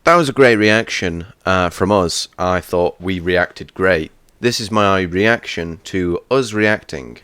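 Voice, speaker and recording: Young guy, low smooth voice, dry close sound, teasing and rambling. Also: slow, hardly any pauses, fairly bright tone, no room sound. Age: young adult. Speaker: co-host reviewing a TV series. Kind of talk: casual chat.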